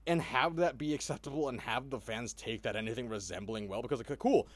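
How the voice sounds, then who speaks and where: A man's voice: mid-range voice, a little fast. A man co-hosting a podcast in casual chat, swearing freely and laughing often as he talks. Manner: profane, animated, laughs often. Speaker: podcast co-host.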